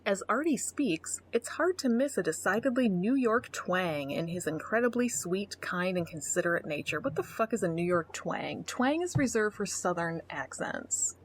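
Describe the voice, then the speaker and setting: A woman's voice: mid-range voice, lively intonation, moderate pace, few pauses, a little hiss or hum. A middle-aged woman co-hosting a podcast in casual chat, reading a dating profile aloud with blunt, sarcastic comments and free swearing. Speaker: podcast co-host.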